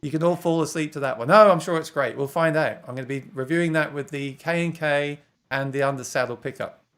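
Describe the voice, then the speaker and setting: English guy chatting on a stream, reads out comments, laughs a lot, slightly higher voice. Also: a little fast, fairly bright tone. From England. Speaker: host of a guitar livestream. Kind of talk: casual livestream chat.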